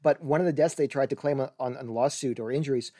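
A man co-hosting a podcast, chatting casually and adding quick joking asides. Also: medium pitch, mellow, no echo, clean studio sound. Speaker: podcast co-host. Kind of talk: casual chat.

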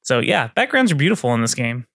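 A man co-hosting a casual game review podcast, talking in an animated, rambling way. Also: medium pitch, quick pace, vocal fry, no echo, clean studio sound. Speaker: podcast co-host.

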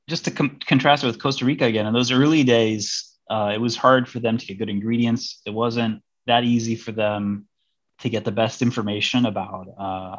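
A man's voice: medium pitch, no echo, muffled recording. A man from Missouri, a diplomat, chatting casually as an interview guest, rambling with many fillers and restarts. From Missouri, United States.

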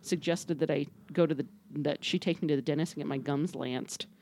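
A woman's voice: low voice, steady tone, a little fast, darkish tone. A woman in her thirties, co-hosting a casual podcast chat in a blunt, profane manner, often breaking into laughter. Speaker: podcast co-host.

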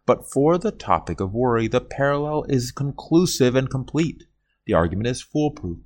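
A man's voice: mid-range voice, lively intonation, moderate pace, a little mellow. A man reading aloud an old sermon in an earnest style, with rising and falling emphasis. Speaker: reader of a historic sermon.

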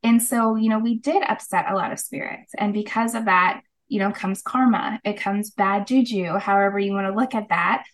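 A middle-aged holistic practitioner appears as a guest on an interview show, telling her story in an earnest, casual way and acting out the voices of people she quotes. Her voice is medium-pitched, with a moderate pace and few pauses, over poor audio.

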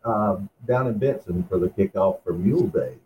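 A man's voice: deep voice, normal speed, dark tone. An older man calling in to a podcast game, easygoing and good-humored. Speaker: caller, game contestant. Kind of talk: casual chat on a call. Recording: dull remote call audio with faint noise.

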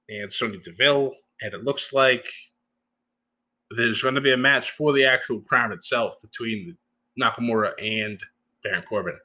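Male host, bright tone, chatty and animated for a casual solo recap. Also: mid-range voice. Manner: chatty, animated retelling with frequent laughs and fillers.

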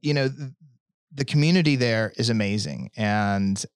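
A man's voice: lowish voice, moderate pace, smooth, dry recording, clean studio sound. A young man talking casually as a podcast guest, rambling with restarts and frequent laughs. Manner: rambling, self-interrupting, laughs often. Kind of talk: casual chat.

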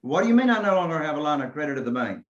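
A man's voice: on the high side, big pitch swings, very fast, a bit bright. A man from Eastern North Carolina, a real estate investor telling his story in a conversation and acting out phone calls. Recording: echoey, dull lo-fi sound.

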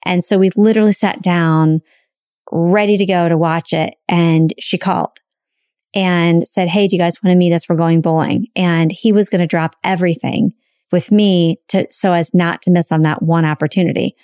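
A woman's voice: on the low side, darkish tone, no echo, studio quality. A woman co-hosting a podcast, telling a personal story openly and emotionally, swearing casually. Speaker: podcast co-host.

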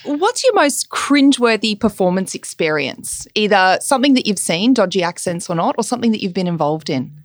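Brief: woman podcast host, expressive, swooping delivery, dry close mic, faint guitar music underneath. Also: mid-range voice, a little fast, few pauses, no echo. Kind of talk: scripted podcast intro and interview questions.

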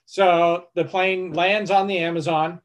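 Male travel blogger guest, chatty storyteller, restarts and fillers, slightly higher voice. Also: a little slow. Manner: animated, many restarts and fillers. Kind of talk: conversational storytelling.

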